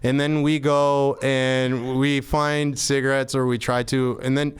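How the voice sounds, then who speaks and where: Male podcast guest, comic storyteller, resonant clear voice, lively. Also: mid-range voice, measured pace. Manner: animated, acts out quoted voices. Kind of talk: casual comedic storytelling. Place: podcast studio.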